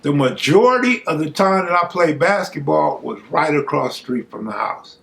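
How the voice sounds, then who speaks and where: A man's voice: on the high side, lively intonation, normal speed, gravelly, fairly bright tone. A man, hosting a stream and telling a true story in casual, profane street talk, raising his voice when he quotes people. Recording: echoey room, faint background hum.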